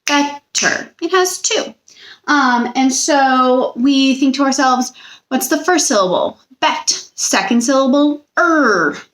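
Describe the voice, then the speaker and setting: A young woman teacher records a spelling lesson for children, her voice high with a fairly bright tone. She is patient and slow, drawing out every word.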